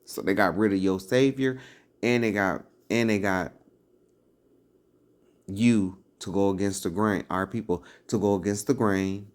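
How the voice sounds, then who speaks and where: A man's voice: on the low side, unhurried. A man giving preachy, casual commentary as an online religious commentator, emphatic and full of rhetorical questions.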